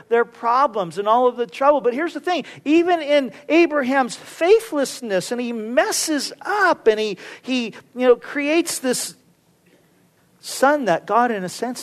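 A man preaching a sermon, telling a scripture story in a casual, playful way and acting out the characters. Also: sits high. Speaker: pastor.

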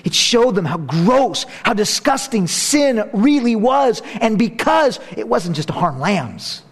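A middle-aged man preaching a sermon, animated, swinging between hushed and loud, with playful asides. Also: sits high, a little slow, breathy edge. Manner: playful asides and self-mocking humor. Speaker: pastor.

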